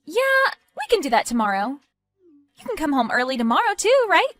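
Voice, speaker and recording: A woman's voice: high-pitched, big pitch swings, normal speed, fairly bright tone, soft background music. A woman playing a demanding, sulky pregnant young girlfriend who whines and sneers. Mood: scornful. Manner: whiny, sarcastic.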